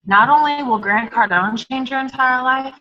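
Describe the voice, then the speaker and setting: A woman's voice: high-pitched, moderate pace, dull audio. A woman giving an emphatic, hyped motivational talk on a team call, repeating her points. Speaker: team coach.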